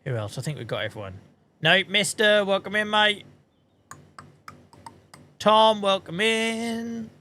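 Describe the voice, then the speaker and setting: Brief: male game streamer, slightly high voice, loose chatty self-mockery. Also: big pitch swings, a little fast, bright, forceful tone. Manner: chatty, self-mocking, swears casually. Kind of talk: casual livestream chat.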